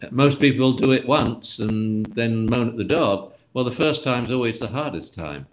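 A man, a dog trainer guest, explaining methods lively and acting out commands in different tones. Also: mid-range voice, moderate pace, slight background noise. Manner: lively, acts out commands with shifts of tone. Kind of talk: explanatory interview talk.

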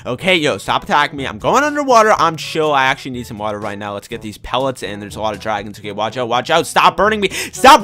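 A young man giving live gameplay commentary, excitable and quick to rage and yell at other players. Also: medium pitch, soft background music. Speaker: gaming YouTuber.

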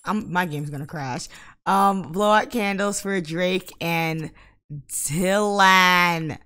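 A woman giving casual Let's Play commentary, exasperated and bursting into loud outbursts at the game. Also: fairly low pitch, takes it slowly, smooth. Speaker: gaming YouTuber.

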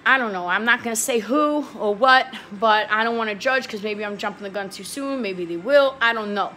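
A woman's voice: mid-range voice, moderate pace, bright, forceful tone. New girl venting on her vlog, swears, goes over the same points again and again, bit of faint background noise. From New York. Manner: heated and pleading, swears, repeats herself. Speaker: vlogger. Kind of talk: emotional talk to camera.

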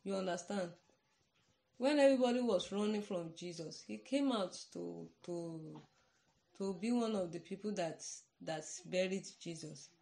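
A woman's voice: lowish voice, unhurried, creaky, dark tone. A Nigerian-accented woman preaching in an informal podcast sermon, earnest and conversational, often checking "you understand?".

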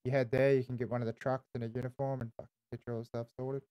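A man's voice: mid-range voice, little pitch movement, quick pace, mellow, clean tone. Laid-back Australian man swearing constantly. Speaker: roleplay streamer. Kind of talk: casual in-character game roleplay.

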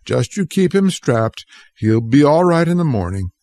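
A man's voice: fairly high pitch, very animated, moderate pace, warm tone, no room sound, studio quality. A man doing a jovial old family doctor. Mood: reassuring.

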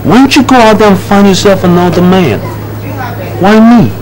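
A man's voice: high voice, normal speed, crowd noise, natural voice. An actor playing a cold, dismissive young man who lectures his fiancee in a condescending way. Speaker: young man ending an engagement. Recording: noisy film soundtrack.

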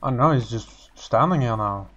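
A man's voice: medium pitch, lively intonation, moderate pace, fairly bright tone, lo-fi sound. A man co-hosting a casual game playthrough, joking and laughing, with stammered restarts. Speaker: gaming co-host. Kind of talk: casual let's-play chat.

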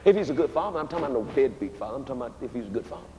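A man preaching a live revival sermon to a church congregation, emphatic and rhythmic, rising to shouted peaks. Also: mid-range voice, expressive, rapid-fire, slight background noise. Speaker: guest preacher. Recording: reverberant church hall, faint ambience.

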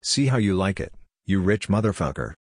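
A man's voice: low-pitched, very animated, fairly quick, slightly rough, no echo, studio quality, heavily acted. A man voicing an enraged, haunted father. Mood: raging. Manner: shouting curses, then mumbling apologies. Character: traumatized exhausted working father, raging in nightmare.

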